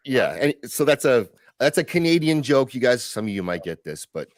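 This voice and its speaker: A man's voice: mid-range voice, very animated, normal speed, no room sound, studio quality. A man co-hosting a casual chat, rambling in a friendly way with many restarts.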